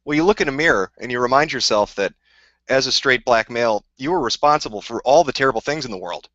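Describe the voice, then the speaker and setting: Fast and expressive, a man with a mid-range, pushed and bright voice tears through viewer questions on his live stream. It's a casual, rambling rant full of profanity and combativeness, heard without echo in dull, dry lo-fi sound.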